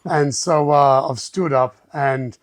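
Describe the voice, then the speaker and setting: A man telling a story as a podcast guest, animated and acting out other people's lines. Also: mid-range voice, takes it slowly, no echo. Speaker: guest, martial arts gym owner. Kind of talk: casual storytelling in a podcast chat.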